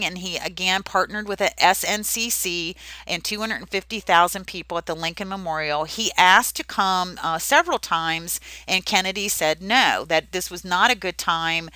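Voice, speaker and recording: A woman teaching a recorded history lesson, talking in a chatty, emphatic way with fillers and repeats. Her voice is bright and forceful and sits a little low. The sound is dry and close. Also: no echo, low-quality recording. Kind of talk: recorded history lecture over slides.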